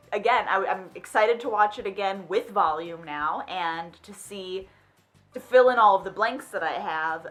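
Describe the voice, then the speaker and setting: A young woman in the middle of her vocal range talks casually while she reacts to a film. She fills the time with questions and exclamations. Faint music plays in the background. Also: mid-range voice. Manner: animated, exclaiming and questioning aloud.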